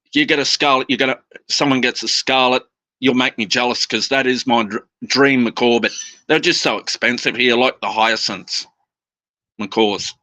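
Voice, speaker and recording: A man chats casually into his phone, rambling and restarting and copying his birds' little phrases. His voice is bright and forward, recorded dry and close. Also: medium pitch, fairly even intonation, normal speed, no echo. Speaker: guest parrot keeper. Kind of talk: casual chat.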